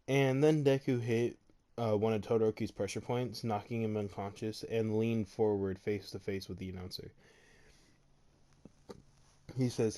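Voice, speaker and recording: A man's voice: on the low side, a little slow, mellow. A man in his bedroom retelling a fan story in a rambling, filler-heavy way, laughing often.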